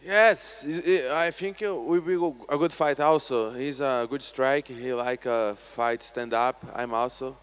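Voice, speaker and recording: Man, fighter, halting broken English, very slow, smooth clear voice. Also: medium pitch, a bit bright. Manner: halting, non-native English, plainspoken. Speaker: fighter at a press Q&A. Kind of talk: casual press conference answers.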